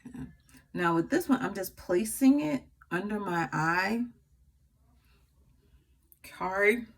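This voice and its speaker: Woman makeup artist, chatty tutorial delivery, husky lower voice that swings up and down, mic a little distant. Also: animated, takes it slowly. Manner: chatty, laughs often, talks while applying makeup.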